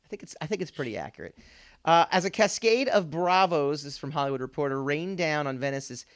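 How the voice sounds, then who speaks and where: Smooth-voiced rambling podcast host, a man. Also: on the high side, lively intonation, a little fast. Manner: rambling, laughs often, many fillers and restarts. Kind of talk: casual pop culture chat.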